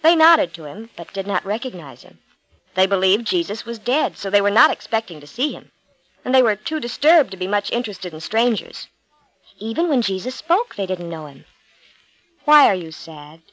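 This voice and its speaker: A woman narrating a storybook, reading aloud in a clear, expressive way. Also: medium pitch, normal speed, no echo, poor audio.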